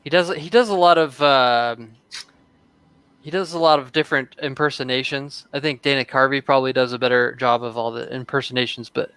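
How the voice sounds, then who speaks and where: A man co-hosting a podcast in casual chat, talking haltingly with fillers. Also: medium pitch, fairly bright tone, clean tone, no echo. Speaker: podcast co-host.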